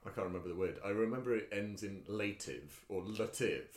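Low-voiced man, chatty. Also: brisk. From Wales. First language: Welsh. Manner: chatty, searches for words aloud. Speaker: podcast guest. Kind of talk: casual podcast chat.

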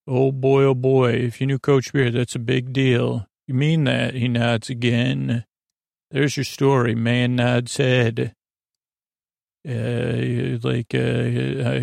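Slow halting guy recapping an episode, gravelly, dry close sound. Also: mid-range voice, dry recording. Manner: halting, retelling scenes with many pauses. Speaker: podcast host.

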